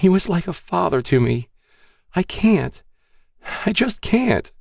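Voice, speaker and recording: A man's voice: high voice, huge pitch swings, takes it slowly, a little mellow, dry recording, clean studio sound, pitched above the performer's own voice, heavily acted. A man voicing a grief-stricken young woman with a shaky, pleading voice in a storybook reading. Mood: distraught.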